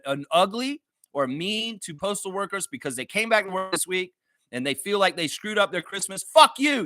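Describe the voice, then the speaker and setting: A man from Canada hosts a live basketball reaction show, reading viewer comments and ranting with plenty of swearing. His voice sits a little high and is very bright and forceful. It is recorded dry and close. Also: no echo. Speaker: sports fan channel host.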